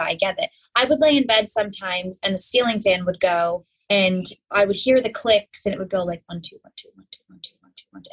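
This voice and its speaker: A young woman speaks with a husky, slightly breathy voice at a medium pitch. She talks openly as a guest and tells a candid personal story in an animated way, often slipping into her own inner voice. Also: low-quality recording.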